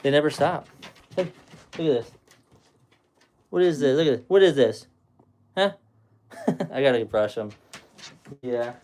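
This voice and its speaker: A man's voice: mid-range voice, animated, a little slow, pauses often, darkish tone. Casual man chatting on a livestream. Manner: rambling, talks to his dog between chat replies. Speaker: livestream host.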